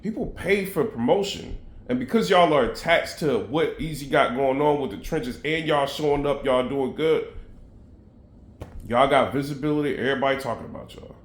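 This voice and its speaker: A man's voice: mid-range voice, moderate pace, reverberant. A man giving casual commentary straight to his viewers, heavy on "you know what I mean" and loose asides. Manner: conversational, filler-heavy, addresses viewers directly. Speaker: battle rap commentator.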